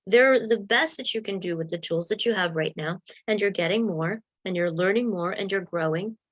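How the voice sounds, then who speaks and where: A woman mindset coach giving a motivational talk to viewers, encouraging and acting out inner voices. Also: medium pitch.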